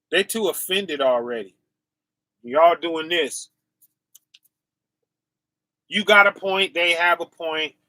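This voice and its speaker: A man with a high, bright voice preaches slowly in on a casual livestream. He calls out to his viewers with animated energy and laughs often. The sound is dry and close. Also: no room sound.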